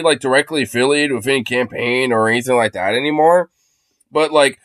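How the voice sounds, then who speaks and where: A man streaming casual commentary on political clips, excitable and crude, laughing often and breaking into shouts. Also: mid-range voice, no room sound. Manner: crude, swears constantly.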